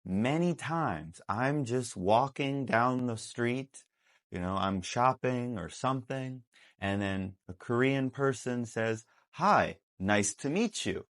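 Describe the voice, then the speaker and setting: A man teaching an English lesson in a classroom, explaining slowly and emphatically and acting out example lines. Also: mid-range voice. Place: classroom with a board.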